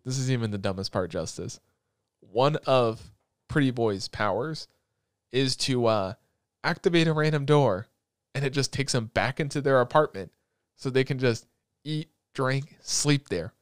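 A young man talks casually as a host, rambling through a recap with crude jokes and animated bursts. His voice sits at an ordinary pitch. The sound is dry, with no room echo. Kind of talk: casual chat.

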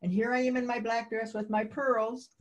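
A woman guest in an interview, telling lively anecdotes and acting out the dialogue of the people in them. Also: on the high side, moderate pace. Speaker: guest, peace advocate. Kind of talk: interview storytelling.

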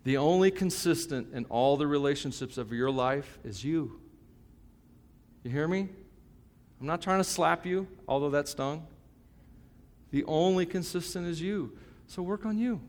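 A man's voice: on the high side, unhurried, pauses often, darkish tone. A man in his fifties, a pastor preaching a sermon in a conversational, joking and emphatic way. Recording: long hall reverb.

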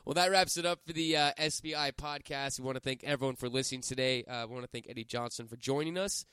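A young man in his early twenties co-hosting a sports podcast, jokey and enthusiastic. His voice is smooth and resonant. It is recorded dry and close, with no room sound. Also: mid-range voice, fast talker, bright, forceful tone, dry recording. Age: 20s. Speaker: podcast co-host. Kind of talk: casual sports chat.

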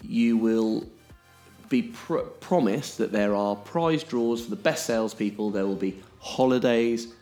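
A man with a fairly low voice, co-hosting a podcast. He explains things emphatically and keeps checking that his listener is following. Faint music plays underneath. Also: measured pace, dark tone. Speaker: podcast co-host.

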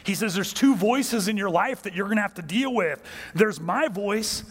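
A male pastor with a notably high voice, preaching a sermon that moves between lively storytelling and hushed, low emphasis. His voice rings out with the long reverb of a large hall. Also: moderate pace, slightly rough.

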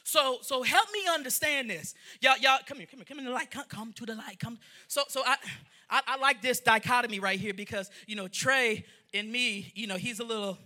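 High, bright-voiced preacher man. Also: fairly quick. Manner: animated, acts out the story in voices, calls to the congregation. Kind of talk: sermon. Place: church in front of a congregation.

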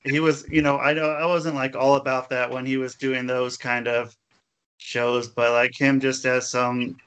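A man with a smooth, resonant voice chatting casually as a podcast co-host. He is laid-back and rambling and swears often. His pitch stays in a plain middle range. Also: level tone, measured pace, a bit bright. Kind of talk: casual wrestling chat.

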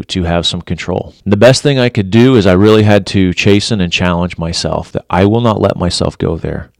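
A middle-aged man with a lowish voice talks straight to the listener about relationships, drawing on his years as a police officer. He is blunt and emphatic and hammers home his points by saying them twice. The sound is dry and close, with no room around it. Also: a little mellow, clear, resonant tone, no echo. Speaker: former police officer giving relationship advice. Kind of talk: earnest direct-to-camera advice talk.

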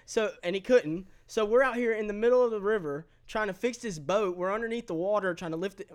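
A young man excitedly telling a story among friends, halting and piling on details. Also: high voice.

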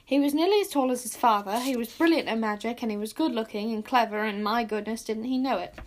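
Female storybook narrator, lively and expressive, slightly high voice. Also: quick pace. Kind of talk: storybook reading.

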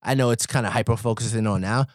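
A man chatting casually about a film as a podcast co-host, making quick, earnest, run-on points. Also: medium pitch, dry recording, clean studio sound.

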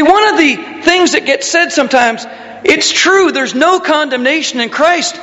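A man's voice: very high voice, sharp tone, big-room sound. A male pastor preaching a conversational sermon, asking the congregation questions and telling stories.

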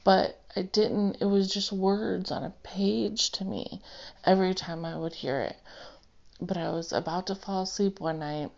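A woman's voice: medium pitch, steady tone, measured pace, creaky, darkish tone. A woman sharing a personal Christian testimony, earnest and rambling with many fillers, seated indoors. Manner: emotional, close to tears. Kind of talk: personal testimony, casual storytelling. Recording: dull, lo-fi home recording.

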